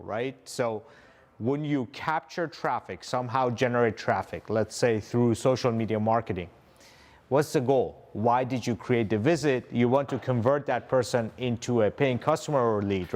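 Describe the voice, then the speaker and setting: A man's voice: mid-range voice, darkish tone. Male instructor, live teaching session, methodical list delivery, mid-range voice. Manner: methodical, walks through a numbered list. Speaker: marketing instructor.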